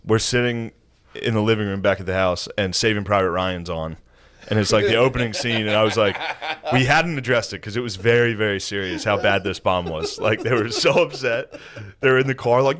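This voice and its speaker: A man telling a story on a podcast in casual chat, animated and laughing, acting out what others said. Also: mid-range voice, brisk. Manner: animated, laughing, acts out quotes. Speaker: podcast co-host.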